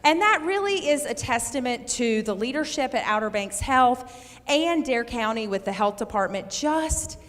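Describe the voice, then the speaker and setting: A woman's voice: fairly high pitch, animated, normal speed, fairly bright tone. A woman with an Eastern North Carolina accent giving an enthusiastic public speech to a live audience as a physician introducing a keynote. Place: large hall. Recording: reverberant hall.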